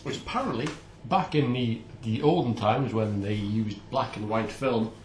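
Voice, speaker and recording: This casual cooking vlog features a man baking in his home kitchen and poking fun at himself along the way. His mid-range voice has a darkish tone and moves at a moderate pace. There's an echo to the room and a touch of background noise.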